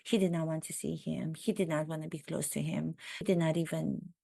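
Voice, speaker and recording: A woman vlogger giving animated, emphatic satirical commentary on royal gossip. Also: low-pitched, fairly quick, vocal fry, husky, no echo, clean studio sound. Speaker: vlogger and acting coach.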